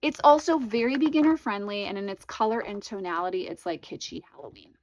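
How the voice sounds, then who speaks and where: A tarot reader hosts a casual show-and-tell vlog, gushing with enthusiasm over her tarot decks and candles and stretching out words for emphasis. Her medium-pitched voice is fairly quick and a little mellow, in a dry recording with poor audio.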